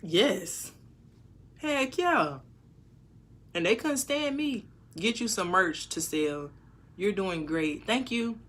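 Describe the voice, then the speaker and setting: Woman on a live stream reading chat comments out and answering them, bright sharp voice, talks frankly, gets loud now and then. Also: mid-range voice, expressive, takes it slowly, long pauses. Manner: reads viewer comments aloud and answers them; frank and talkative, with sudden loud bursts.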